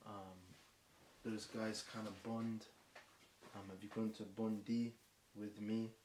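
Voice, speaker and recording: A man's voice: fairly low pitch, level tone, slow, darkish tone. Rambling British man freestyling rhymes. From Britain. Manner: rambling off-the-cuff rhymes, frequent ums. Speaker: freestyle rapper. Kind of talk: long improvised freestyle rhyming. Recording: echoey room with faint hiss.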